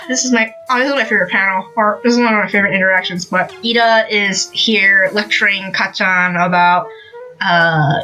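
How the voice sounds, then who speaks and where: A woman's voice: mid-range voice, pushed and bright. A woman hosting a podcast, chatting casually about a manga with lots of fillers and asides. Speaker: podcast host.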